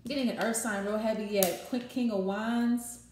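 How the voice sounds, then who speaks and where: A woman's voice: fairly high pitch, steady tone, moderate pace, a little mellow, roomy sound, slight background noise. A woman giving a casual tarot reading, talking freely, swearing and restarting her phrases. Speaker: tarot reader.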